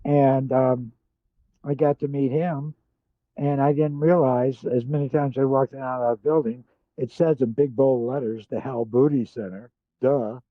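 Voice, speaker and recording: An older man telling animated stories in a casual chat, often quoting other people as he goes. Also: medium pitch, normal speed, no echo. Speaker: guest. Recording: dull lo-fi sound.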